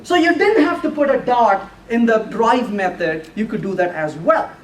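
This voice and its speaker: A man giving a technical talk with live coding to a user group, animated and playful, now and then putting on a mock voice for the compiler. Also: sits high, normal speed. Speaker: conference speaker. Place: lecture room at a user group meeting. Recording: echoey room, voice from far off.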